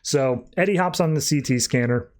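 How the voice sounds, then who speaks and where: A man's voice: medium pitch, moderate pace. A man with an ordinary mid-range voice, hosting a podcast. He runs through the story in a loose, chatty way, peppering his speech with "uh" and "like" as he goes. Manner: retells scenes breezily, with lots of "uh" and "like". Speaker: podcast host. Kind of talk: casual comic book recap and review.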